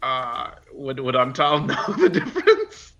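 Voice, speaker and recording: A man's voice: medium pitch, huge pitch swings, unhurried, lo-fi sound, a crowd in the background. A man playing a tabletop role-playing game, hesitant and self-deprecating. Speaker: player.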